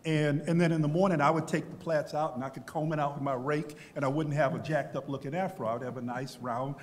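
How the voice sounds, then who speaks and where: A man's voice: fairly high pitch, fairly even intonation, quick pace, a little hiss or hum. A man in his sixties from Texas, telling personal stories on a history panel in a reflective, conversational way, often restarting his sentences. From Beaumont, Texas, US. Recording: long hall reverb.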